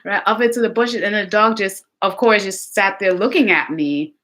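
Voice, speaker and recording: A woman vlogger chatting casually to her viewers, telling lively stories. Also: medium pitch, normal speed. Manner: chatty, animated storytelling with laughs. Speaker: lifestyle vlogger.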